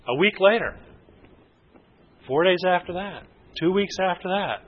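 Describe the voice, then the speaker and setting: High-voiced man teaching a workshop. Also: a little slow, long pauses, husky. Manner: lively, uses vivid examples and asks the audience questions. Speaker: relationship workshop presenter. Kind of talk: conversational teaching to a group. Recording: dull lo-fi recording.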